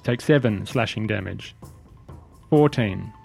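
A man as dungeon master running a tabletop game, briskly calling out rolls and damage. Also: on the low side, vocal fry, darkish tone, soft background music.

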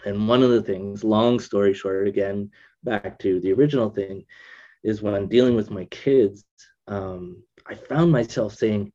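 A man in casual conversation, thinking aloud with restarts, usually subdued but getting emphatic when excited. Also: lowish voice, measured pace, muffled recording.

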